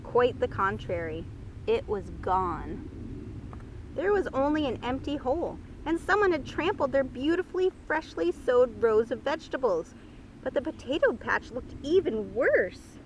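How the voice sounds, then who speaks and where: High, lively woman reading a story. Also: a little slow, slight background noise, rough recording. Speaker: youth librarian. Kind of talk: reading a picture book aloud. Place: outdoor garden.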